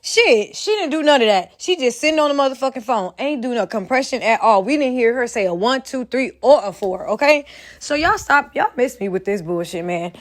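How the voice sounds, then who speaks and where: Donna dalla voce acuta, schietta e scurrile, che commenta con foga. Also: female voice, a little high, expressive, fairly quick. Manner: heated, blunt, profane, repetitive. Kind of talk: profane reaction commentary.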